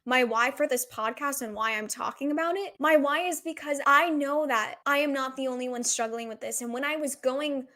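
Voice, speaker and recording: A woman's voice: high-pitched, moderate pace, hardly any pauses, pushed and bright. A woman in her twenties hosting a solo podcast, talking in an earnest, confessional way with lots of "like.". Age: 20s. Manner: earnest, confessional, says "like" often. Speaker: podcast host.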